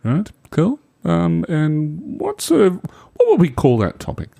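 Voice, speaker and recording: A man's voice: on the high side, huge pitch swings, unhurried, vocal fry, warm tone, no echo. A man hosting a tabletop gaming podcast, chatty and upbeat with lots of fillers. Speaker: podcast host. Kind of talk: casual podcast chat.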